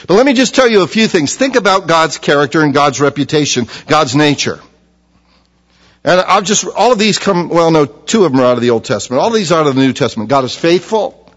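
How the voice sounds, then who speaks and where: A man preaching a sermon, emphatic, repeating key phrases and dropping to a hushed, low voice for stress. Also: lively intonation, brisk. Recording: long hall reverb.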